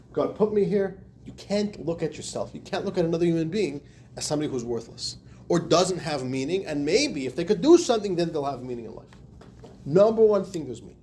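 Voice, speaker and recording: A man's voice: fairly high pitch, dark tone, slight background noise. A man teaching a class as a rabbi, speaking expressively, acting out quotes and laughing often. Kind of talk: animated lecture.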